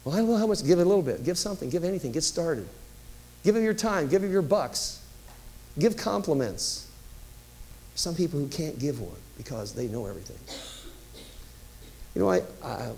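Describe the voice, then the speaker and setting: A man's voice: medium pitch, animated, moderate pace, gravelly, long pauses, a little hiss or hum, low-quality recording. A man preaching a sermon as pastor, telling stories in a conversational way with emphatic rises.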